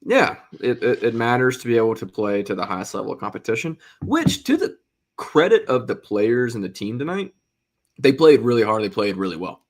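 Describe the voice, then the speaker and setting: A man's voice: mid-range voice, big pitch swings, fairly quick. A man co-hosting a casual sports talk show, making blunt, opinionated points with rhetorical questions. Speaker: podcast co-host.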